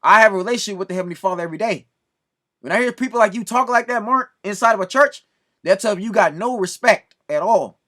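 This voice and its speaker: A man's voice: high-pitched, quick pace, a bit bright. A man ranting in commentary, scolding and preaching with lots of repetition. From Southern California. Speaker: video commentator.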